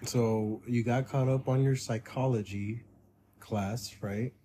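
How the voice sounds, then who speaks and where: A man's voice: mid-range voice, steady tone, slow, warm tone, slight background noise. A young man co-hosting a podcast in casual chat, joking, swearing freely and laughing often. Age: young adult. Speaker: podcast co-host.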